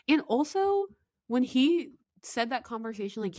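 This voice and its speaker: A woman's voice: sits high, sing-song, a little mellow, no echo, studio quality. Emphatic young woman podcast co-host. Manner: emphatic, laughs often, quick reactions. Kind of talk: casual reality TV recap chat.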